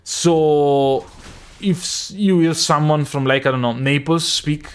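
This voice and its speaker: A man's voice: on the high side, steady tone, takes it slowly, clean tone. A man from Northeast Italy with a Northeast Italian accent, whose first language is Italian, streaming a game and rambling in casual asides while he plays. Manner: chatty, rambling asides between game reactions. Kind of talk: casual live gameplay commentary.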